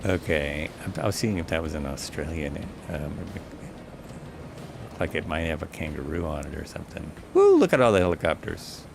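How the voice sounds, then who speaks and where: A man's voice: rumbling low, big pitch swings, normal speed, creaky, background noise. Rambling man thinking aloud. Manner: rambling, thinks aloud, corrects himself often. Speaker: flight simulator streamer. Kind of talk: casual live gameplay commentary.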